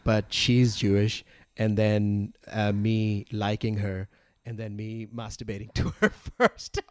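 A man from Pakistan, a comedian guest, talking casually and haltingly, with many restarts and frequent laughs. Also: fairly low pitch, flat delivery, dry recording, studio quality. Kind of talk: casual podcast chat.

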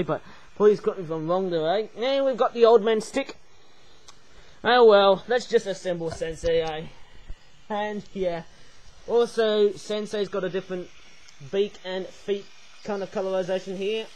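A man's voice: high-pitched, poor audio. A man reviewing handmade toys in a casual, rambling way, often tagging "eh?" and "obviously" onto his sentences. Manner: excitable, rambling, peppered with "eh?" and "obviously". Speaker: toy reviewer. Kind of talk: casual toy review vlog.

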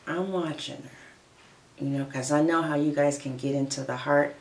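A woman's voice: extremely low pitch, little pitch movement, brisk, a little mellow, roomy sound. A woman giving a casual tarot reading, chatty and playful, who laughs often and calls listeners honey and darling. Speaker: tarot reader.

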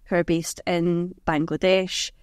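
A woman's voice: on the low side, flat delivery, a little slow, smooth, no echo, studio quality. A woman with a mild Scottish accent in casual podcast chat, wry and sardonic, swearing now and then.

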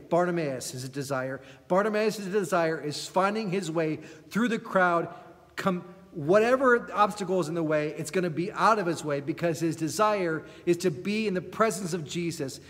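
A man's voice: high-pitched, a bit bright. A man preaching a sermon as pastor, with impassioned, repetitive preaching cadences. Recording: long church reverb.

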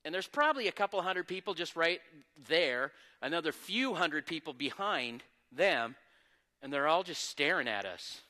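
Man, pastor, energetic sermon, bright tone, long reverb. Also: fairly high pitch, normal speed. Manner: energetic preaching, swinging from loud exclamations to soft asides. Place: church sanctuary.

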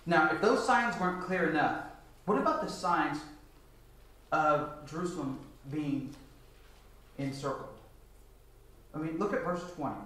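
A man in his forties preaches with a fairly high, emphatic voice, pressing his points with rhetorical questions. He is recorded from some distance in a very echoey church hall, so the sound rings and thins out. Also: measured pace, pauses often, pushed and bright. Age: 40s. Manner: emphatic, rhetorical questions, reads scripture aloud. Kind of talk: sermon lecture.

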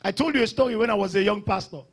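A man preaching a church sermon in a husky, high voice. He swings from shouted declarations down to low, quiet asides, and his pitch leaps high on the emphasized words. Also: racing. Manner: preaching with sudden loud rises and drops. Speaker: pastor.

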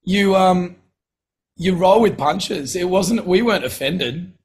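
A middle-aged man, a guest telling casual anecdotes in a relaxed, chatty way and often clearing his throat. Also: high voice, slow, low-quality recording. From Australia. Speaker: guest, singer-songwriter.

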